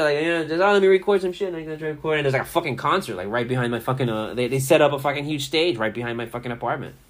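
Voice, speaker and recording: A man in his thirties hosting a casual sports talk show, rambling through stories with lots of swearing. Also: medium pitch. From Miami area. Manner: profane, rambling, animated storyteller. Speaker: podcast host. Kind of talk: casual sports chat and storytelling.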